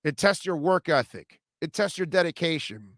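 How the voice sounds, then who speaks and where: Middle-aged guy ranting on sports radio, blunt and preachy, pitched kinda high. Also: expressive, moderate pace, a bit bright, dry recording, studio quality. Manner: blunt, preachy, punchy and emphatic. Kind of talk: opinionated sports talk monologue.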